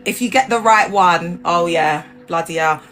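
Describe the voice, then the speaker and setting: A woman chatting casually to viewers on a livestream, animated and laughing, her voice jumping up high when she gets excited. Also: normal speed, soft background music. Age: adult with grown children. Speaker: livestream host. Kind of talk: casual chat.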